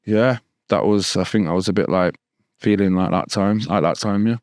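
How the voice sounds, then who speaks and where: In fairly low, slightly mellow tones and fairly even intonation, a thirties man from Stockport, England, tells podcast-interview stories at a moderate pace. His Manchester accent comes with casual street slang and repeated "bro" and "do you know what I mean." No room sound is audible; it's studio quality.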